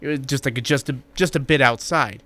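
Bright-voiced joking sports radio host. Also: male voice, mid-range voice, a little fast. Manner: rambling, joking. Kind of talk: casual sports talk.

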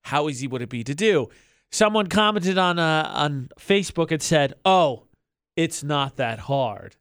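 A man's voice: on the high side, animated, normal speed, a bit bright, clean tone, dry recording, clean studio sound. A man co-hosting a morning radio show, telling stories in a chatty, joking way. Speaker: radio co-host.

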